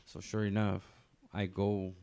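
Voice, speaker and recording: A man with a gravelly, creaky voice tells a personal story in casual podcast chat. He rambles loosely, doubling back on himself with plenty of fillers and restarts. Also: sits low, monotone, measured pace, darkish tone. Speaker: comedian podcast guest telling a story.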